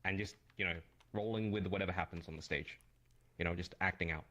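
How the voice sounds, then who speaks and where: A man's voice: low-pitched, steady tone, bright, forceful tone. A man streaming a social game, chatting casually and restarting his sentences. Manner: rambling, quick restarts. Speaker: streamer and improv player. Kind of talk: casual chat.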